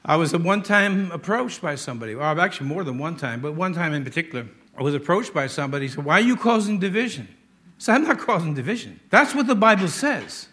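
A man's voice: a little high, sharp tone. Emphatic older male pastor preaching. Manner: emphatic, stretches key words slowly. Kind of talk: sermon.

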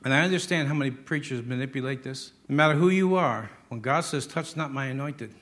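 An older man preaching a sermon as a pastor, emphatic and drawing out key words slowly for stress. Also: medium pitch, fairly bright tone.

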